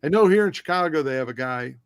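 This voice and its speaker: A man's voice: on the high side, animated, quick pace, clean tone, no room sound. A man co-hosting a casual interview show, chatty and enthusiastic as he asks questions. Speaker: podcast co-host.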